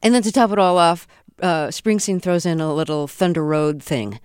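A woman's voice: on the low side, normal speed, darkish tone, clear, resonant tone, no echo, studio quality. A woman interviewer asking a guest curious, chatty questions. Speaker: radio interviewer.

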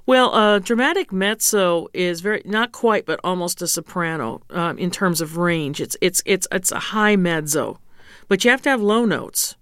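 Smooth low-voiced woman opera singer. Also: moderate pace, a bit bright, no room sound, studio quality. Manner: frank, teasing, coaches pronunciation. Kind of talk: casual interview.

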